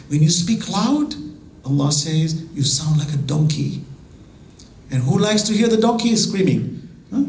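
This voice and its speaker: Guy preaching a sermon, kinda higher voice, big echoey room, gets loud then goes soft and slow. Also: very animated, a little hiss or hum. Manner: impassioned, dropping to soft, drawn-out emphasis; recites Arabic verses between English. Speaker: religious lecturer. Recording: echoey hall.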